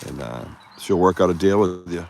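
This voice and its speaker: A man's voice: sits low, lively intonation, moderate pace, vocal fry, a little mellow, a little hiss or hum. A man hosting a casual live stream outdoors by the water, joking and bantering loosely while talking into a phone. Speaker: podcast host.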